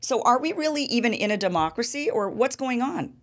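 A woman hosting a political interview show, asking pointed rhetorical questions in an animated way. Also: fairly high pitch, a little fast. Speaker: show host.

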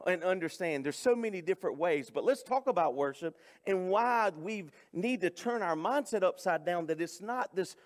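A man preaching a sermon, talking in a folksy, conversational way straight to his congregation. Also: sits high. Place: church sanctuary. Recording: long church hall reverb.

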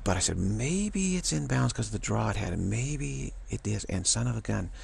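A man giving a casual spiritual talk to camera, rambling and repeating himself with halting restarts. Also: on the low side, lively intonation, gravelly, a little mellow, slight background noise. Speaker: spiritual vlogger.

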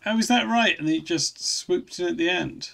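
A man with a gravelly voice, casually chatting while streaming a game and answering chat, rambling with frequent restarts. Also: high-pitched, normal speed, sharp tone. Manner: rambling, restarts often, reads chat aloud.

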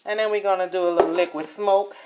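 Speaking quickly in a lowish, even-toned voice, a home cook from New Orleans, USA chats her way through a relaxed cooking vlog. Her style is talkative, with regular check-ins aimed at the viewer, and a little noise can be heard behind her.

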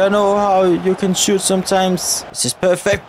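A man giving excitable live commentary on his football video game, often shouting at his players and the referee. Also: sits high, measured pace, creaky, hardly any pauses, noisy background. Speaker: gaming YouTuber.

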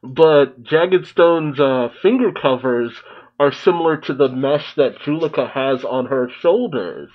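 A man's voice: medium pitch, measured pace, phone-quality sound. A man giving casual, emotional reaction commentary on a cartoon episode, often exclaiming and laughing. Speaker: reaction video host.

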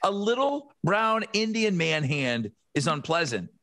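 A middle-aged man co-hosting a podcast, joking bluntly and crudely in quick banter. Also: a little high, very animated, bright, forceful tone, no room sound. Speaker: podcast co-host. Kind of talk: casual chat.

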